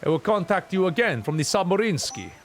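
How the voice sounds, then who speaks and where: A man's voice: high voice, big pitch swings, a little fast, voice pushed up. A man voicing a polite, earnest young woman researcher in a video game. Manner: polite and formal.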